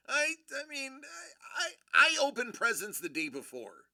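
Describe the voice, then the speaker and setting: Giddy high-pitched stream host. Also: wildly swooping pitch, a little slow, gravelly, no echo, clean studio sound. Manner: giddy, laughing, shouting bursts. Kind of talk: excitable live stream commentary.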